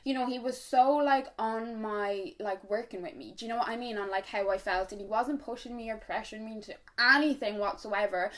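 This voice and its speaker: A woman's voice: a little high, fairly bright tone. Chatty young Irish woman vlogger. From Ireland. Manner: chatty, frank, frequent swearing and fillers. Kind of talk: casual story time.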